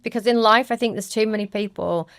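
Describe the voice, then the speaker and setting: A British woman hosting a podcast, blunt and animated, often acting out what people say. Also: medium pitch, fast, no echo, studio quality. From Britain. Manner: blunt, animated, acts out quotes. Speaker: podcast host and fashion stylist. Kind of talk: casual podcast chat.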